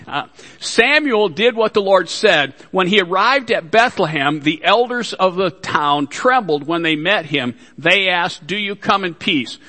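Casting note: male pastor, high, bright voice, folksy sermon with jokes, reverb of a large church hall. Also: expressive, a little slow. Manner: folksy, joking asides to the congregation.

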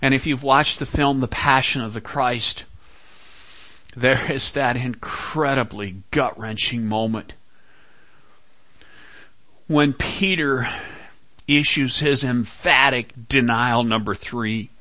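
A male pastor delivers a sermon at an unhurried, deliberate pace. His voice is bright and forceful, and the sound is dry and close, with little room echo. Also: medium pitch, fairly even intonation. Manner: slow, dramatic delivery with quoted dialogue.

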